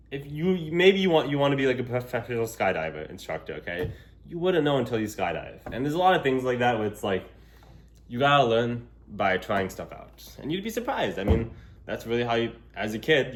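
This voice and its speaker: A young man talking casually to a handheld camera while walking in public, rambling with lots of fillers. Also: lowish voice. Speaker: vlogger. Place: outdoors in public. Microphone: gimbal camera held while walking.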